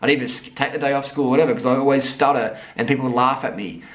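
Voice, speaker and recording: An Australian vlogger in his thirties from South Australia talks to camera very fast in a mid-range voice, on a rough recording. His blunt, profane, emphatic motivational rant is mixed with storytelling.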